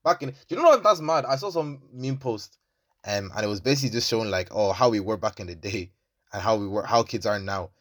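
A young man co-hosting a casual chat, telling stories in an animated, slangy way. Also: fairly low pitch, quick pace. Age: young adult. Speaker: podcast co-host.

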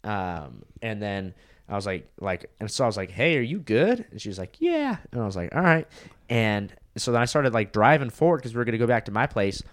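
A man's voice: fairly low pitch, quick pace. A young man, a comedian guest, telling a crude story in a rambling, casual way that is full of "like".

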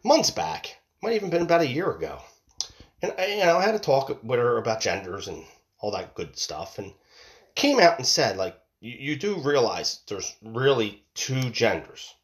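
A man's voice: medium pitch, huge pitch swings, moderate pace. A man in his forties giving a casual monologue, rambling and emphatic, swearing and repeating himself as he tells a story about his family. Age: 40s. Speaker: father telling a story.

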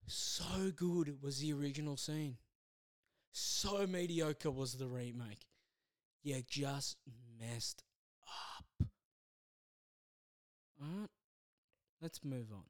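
A man hosting his own podcast, rambling casually through a movie review with self-deprecating asides and halting restarts. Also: fairly high pitch. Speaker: podcast host.

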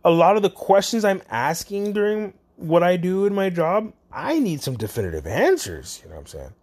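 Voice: medium pitch, very animated, normal speed, a little mellow. A speaker, talking casually and bluntly about phone customer service work, with lots of swearing. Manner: blunt, profane, chatty. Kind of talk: casual monologue to camera.

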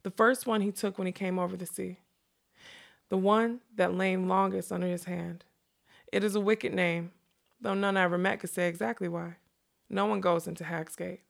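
A woman voicing a wry middle-aged male magician in a novel read aloud, speaking in a hushed, measured way. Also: fairly low pitch, fairly even intonation, gravelly.

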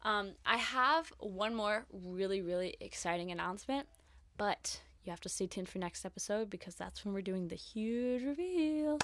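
A woman's voice: medium pitch, lively intonation, moderate pace, a bit bright. A young woman hosting a casual faith podcast, talking in a bubbly, effusive way with plenty of "like"s and gushing praise. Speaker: podcast host.

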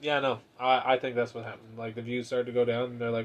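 A man's voice: medium pitch, level tone, fast, dull audio. A man co-hosting a casual podcast, talking bluntly and indignantly, with lots of swearing. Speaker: podcast co-host.

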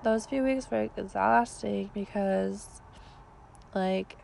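A woman, co-hosting a podcast, telling a long personal story in a raspy voice with many fillers while losing her voice. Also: medium pitch, takes it slowly, darkish tone, a little hiss or hum. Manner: rambling, filler-heavy storytelling. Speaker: podcast co-host. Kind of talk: casual storytelling chat.

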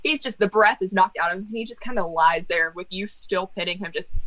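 A woman narrating a tabletop game as game master, animated and quick to laugh, with some casual swearing. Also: medium pitch, low-quality recording.

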